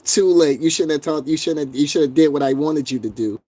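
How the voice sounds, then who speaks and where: A man's voice: fairly high pitch, brisk, warm tone, voice pushed up, lightly acted. A man putting on the voice of a smug male chat viewer who is leaving, in a mocking, whiny, self-important tone.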